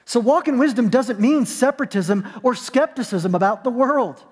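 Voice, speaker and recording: A man with a high, light voice preaches from the pulpit, his words ringing out in a long echoing hall. He tells a story, drops to a soft hush at tender moments, and builds to emphatic, rising calls. It sounds like a church sanctuary. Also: animated, moderate pace, slightly rough. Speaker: pastor. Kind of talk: sermon.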